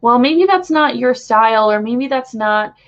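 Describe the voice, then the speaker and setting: A young woman with a stuffy nose from crying, gently and reassuringly relaying a channeled spiritual message to viewers, rambling a little with fillers. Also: fairly high pitch, expressive, a little slow. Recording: dull lo-fi home recording.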